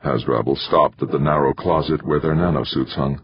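A man narrating an audiobook in steady storytelling. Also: a bass voice, moderate pace, slightly rough, highs cut off. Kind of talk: scripted narration.

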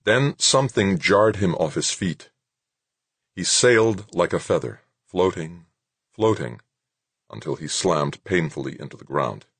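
A man narrates a novel for an audiobook, steady and measured the whole way through, his voice extremely low and husky-grained. The close mic leaves the sound dry and dead, with no room sound at all, and the delivery is scripted narration.

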